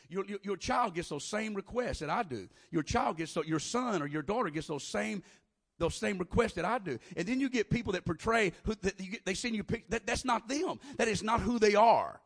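A man preaching a sermon, moving from quiet conversational talk to loud, shouted preaching with lots of "uh" fillers. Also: high-pitched.

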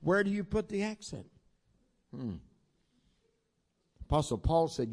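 High-voiced older man preaching folksy. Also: sing-song, unhurried. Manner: folksy storytelling with plain southern-style grammar; swings from loud exclamations to low asides. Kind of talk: sermon.

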